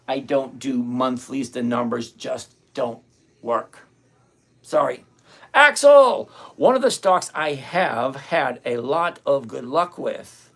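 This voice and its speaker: A middle-aged man hosts a live trading stream, thinking out loud bluntly and greeting viewers by name. His voice is mid-range with noticeable vocal fry.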